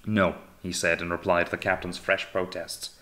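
Audiobook narrator, male, low voice, measured, steady storytelling delivery. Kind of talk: scripted narration.

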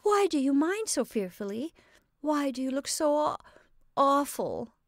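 A woman's voice: high-pitched, sing-song, measured pace, dry recording, clean studio sound, pitched above the performer's own voice. A woman voicing an earnest, anxious young woman in a storybook reading, speaking in a pleading way.

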